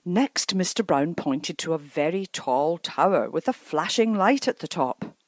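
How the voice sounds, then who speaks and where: A woman's voice: lowish voice, dry recording, studio quality. A woman reading a children's picture book aloud as a storyteller. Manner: slow, lively storytelling.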